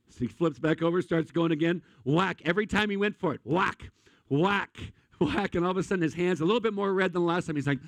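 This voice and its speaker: A man preaching a sermon, a pastor who tells animated, comic stories from family life. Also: on the high side, fast talker, no echo.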